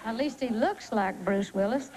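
Teasing high-voiced Southern woman host. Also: normal speed, crowd noise. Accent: Tennessee Southern. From Tennessee. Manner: teasing, folksy, giggly. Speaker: variety show host. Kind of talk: scripted TV variety comedy. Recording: noisy 1980s TV broadcast tape.

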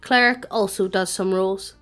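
A text-to-speech woman's voice narrating a tabletop game, with a flat, evenly paced computer reading. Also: medium pitch, a little slow, faint music behind.

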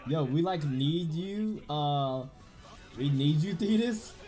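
A young man talking over a horror game as he plays, with sudden loud bursts of excitement and relaxed stretches of chat to his viewers. His voice is mellow and warm. Game music plays faintly behind him. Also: fairly high pitch, slow. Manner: excitable, loud outbursts, laughing, then relaxed outro chat. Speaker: gaming YouTuber. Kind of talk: casual gameplay commentary.

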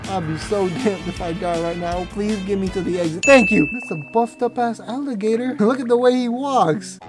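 A young man in his twenties giving crude, joking, excitable let's-play commentary. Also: sits high, normal speed. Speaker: gaming YouTuber. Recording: game music behind.

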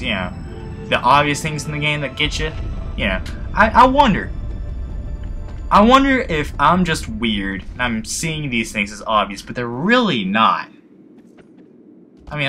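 A man's voice: on the high side, pushed and bright. A young man commenting casually on a video game he plays, emotional, rambling and swearing often, mocking himself. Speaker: let's play gamer.

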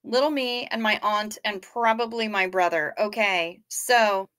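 A woman's voice: medium pitch, fairly even intonation, a little slow, fairly bright tone, clear, resonant tone. A woman hosting a livestream, chatting casually and gushing over viewer photos and comments. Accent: Midwestern American. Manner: gushing, playful, laid-back. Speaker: livestream host.

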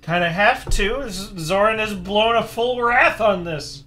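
Bright-voiced, wry man playing a game. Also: high-pitched, measured pace, a little hiss or hum. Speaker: player. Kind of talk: tabletop role-play.

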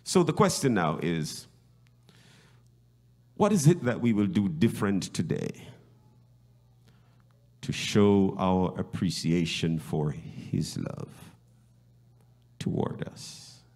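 Slow, gravelly-voiced preaching man. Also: sing-song. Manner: swings from hushed whispers to loud, high exclamations; slow, deliberate delivery with rhetorical questions. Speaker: bishop preaching. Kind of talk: sermon.

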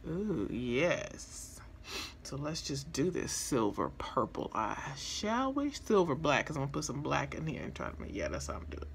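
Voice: medium pitch, wildly swooping pitch, normal speed, gravelly, hardly any pauses, a bit bright, slight background noise. A makeup vlogger chatting casually through a tutorial, playful and talkative, addressing viewers directly. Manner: chatty and playful, talks to viewers as y'all, chuckles.

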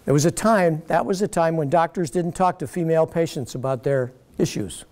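A man giving a public lecture, telling stories in an animated way and mocking the critics he quotes. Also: a little high, fairly quick. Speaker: guest lecturer. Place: lecture hall.

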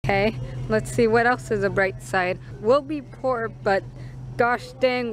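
A woman's voice: fairly high pitch, rough recording. A young woman chatting casually in a vlog at her market stall, giggling often. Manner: chatty and giggly, slow-paced. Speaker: vlogger.

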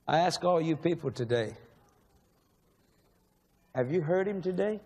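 A man's voice: on the high side, expressive, a little slow, pauses often, darkish tone. A man preaching a sermon in a large church, emotional and pleading, asking the same questions again and again. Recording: long echo of a large hall.

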